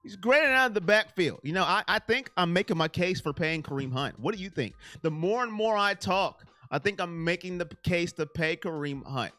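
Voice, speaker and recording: Excitable high-voiced man streaming sports talk. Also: normal speed, few pauses, faint music behind. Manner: excitable, reads chat names aloud, swings from loud to mumbling. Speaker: sports livestream host. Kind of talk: casual live-chat commentary.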